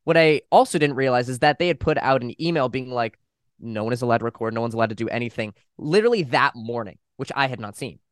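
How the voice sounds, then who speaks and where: A man's voice: mid-range voice, smooth, dry recording. Young man telling a story, dry mic. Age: young adult. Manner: fast, animated retelling with quoted voices and swearing. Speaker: podcast guest. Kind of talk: casual storytelling.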